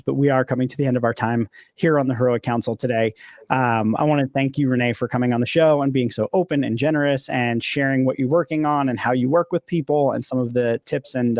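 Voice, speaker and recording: A man hosting a podcast and talking quickly and eagerly, with loose filler words and an easy, chatty flow. His voice sits at an ordinary pitch and sounds close and dry, with almost no room around it. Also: darkish tone, no echo. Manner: enthusiastic, filler-heavy, conversational. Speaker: podcast host. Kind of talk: casual leadership discussion.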